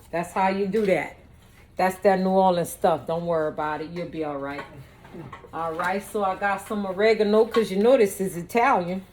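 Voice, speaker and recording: A woman's voice: medium pitch, a little mellow, a little hiss or hum. A woman cooking in her home kitchen, chatting playfully and talking straight to her viewers. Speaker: home cook and vlogger. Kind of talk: casual cooking demonstration.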